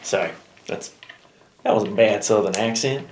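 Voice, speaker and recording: A man's voice: lowish voice, moderate pace, slight background noise. An Australian man co-hosting a music reaction video, chatting casually and swearing freely. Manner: laid-back, swears casually. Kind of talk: casual chat. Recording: roomy echo.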